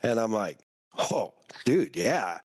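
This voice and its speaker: A man hosting a podcast, chatting in a relaxed, conversational way. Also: fairly low pitch, takes it slowly, breathy edge, no room sound. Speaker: podcast host. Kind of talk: casual podcast chat.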